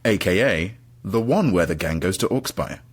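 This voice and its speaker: A low, husky-voiced young man, joking around as a podcast guest. He talks casually and breaks into laughter easily. He sounds like he is on a remote call. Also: lively intonation, moderate pace. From United Kingdom. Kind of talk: casual comedic chat.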